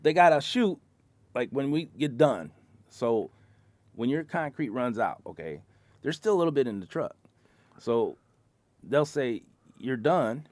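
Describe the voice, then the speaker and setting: A man's voice: mid-range voice, very animated, a little slow, long pauses, darkish tone, no echo. A man in casual bar talk, telling profane stories about his job as a concrete truck driver and acting out his coworkers.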